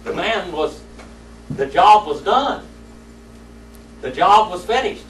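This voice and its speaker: A man's voice: medium pitch, very animated, normal speed, pauses often, a bit bright, slight background noise. A man teaching a church Sunday School class, telling folksy stories and quizzing his students. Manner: folksy storytelling, asks the class questions. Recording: echoey room, mic far off.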